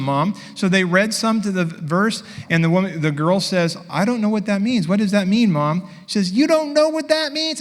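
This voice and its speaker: A man preaching a sermon, telling a story with lively dialogue and acting out both sides. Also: high-pitched, in a large hall. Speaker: pastor.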